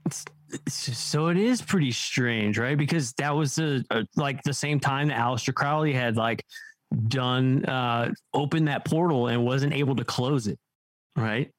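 A man's voice: mid-range voice, measured pace, dry recording. Easygoing man musing in a podcast chat. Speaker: podcast co-host guest.

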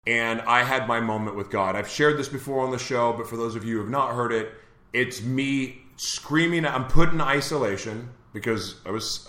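A man's voice: medium pitch, fairly bright tone, reverberant. A man hosting a live talk show, telling a personal story in a candid, earnest way. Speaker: host.

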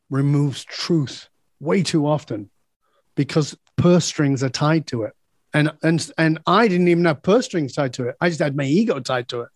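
A man's voice: a little high, a little mellow, no room sound, clean studio sound. A man guest in a casual interview, telling blunt stories and acting out dialogue, swearing freely. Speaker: podcast guest, leadership speaker.

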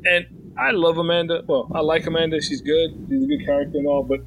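A man from the United States co-hosts a film podcast in a loose, animated way and keeps breaking into raised imitations. His voice sits a little high for a man. A steady noise hangs under the recording. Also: quick pace, low-quality recording. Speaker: podcast co-host. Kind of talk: casual chat about a film.

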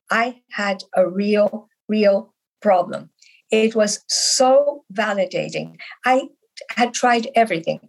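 A woman's voice: mid-range voice, gravelly, breathy edge, poor audio. A middle-aged woman from Canada, a podcast guest, telling her story in earnest conversation and stressing her points with repeated words. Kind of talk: conversational interview.

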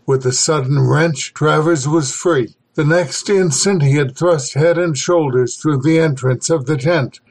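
A man reading a horror story aloud as the podcast host, slow and deliberate. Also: on the high side, darkish tone, poor audio. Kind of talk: scripted horror narration.

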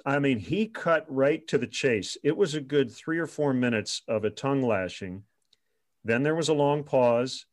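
A former radio sports reporter telling stories in an interview, animated and chuckling often. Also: male voice, medium pitch, normal speed. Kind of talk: storytelling in an interview.

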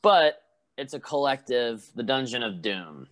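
Casting note: relaxed male co-host, mid-pitched, easygoing banter. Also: measured pace. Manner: laid-back, trailing sentences and agreeing often. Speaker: podcast co-host. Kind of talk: casual chat.

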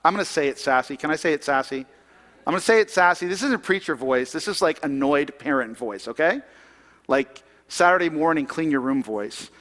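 A man's voice: on the high side, expressive, brisk, a bit bright, long reverb tail. A man preaching a sermon in a conversational way, asking the congregation questions. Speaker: pastor.

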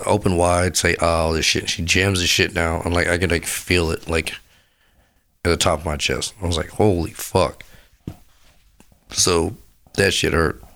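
A man's voice: deep voice, a bit bright. A sick man with a sore throat, rambling crudely and profanely as a podcast host. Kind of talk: rambling casual monologue.

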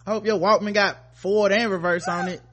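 A man's voice: high-pitched, steady tone, brisk, a bit bright, a little hiss or hum. A man hosting a podcast, joking loosely and laughing often. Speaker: podcast host. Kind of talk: casual podcast banter.

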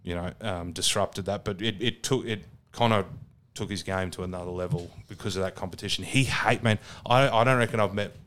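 Chatting rugby on a podcast he co-hosts, this Australian talks fairly quickly in a low but fairly bright voice, and he's blunt, enthusiastic, and quick to swear.

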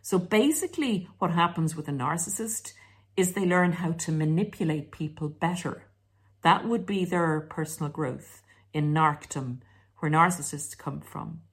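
A woman's voice: sits low, unhurried, breathy edge. A woman host talking through relationship advice in a casual monologue, sarcastic at times. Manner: sarcastic, acts out mocking quoted voices. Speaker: self-help video host.

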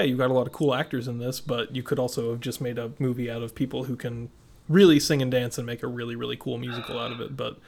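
A man's voice: medium pitch, vocal fry. A man co-hosting a film podcast, easygoing and agreeable, who laughs often and moves the talk along. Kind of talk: casual film review chat.

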